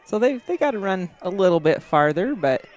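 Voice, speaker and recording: A man giving live commentary on a school race from indoors, chatty and quick to laugh. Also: high voice, big pitch swings, darkish tone, a faint crowd. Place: indoors, watching on a big screen.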